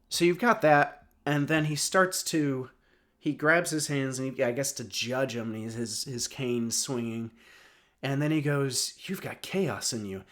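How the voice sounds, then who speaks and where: A man in his thirties giving a casual spoken recap of a TV episode, rambling with lots of fillers and restarts. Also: mid-range voice. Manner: rambling, many fillers and restarts, chuckles often. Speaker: film and TV reviewer.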